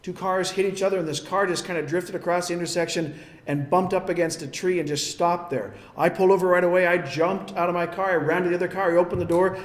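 A man's voice: sits high, fairly even intonation, fast talker, roomy sound. A man preaching a sermon as a pastor, telling a story in an earnest, emphatic way.

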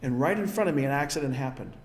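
A man's voice: mid-range voice, lively intonation, quick pace, echoey room, a little hiss or hum. A man preaching a sermon as a pastor, telling a story in an earnest, emphatic way.

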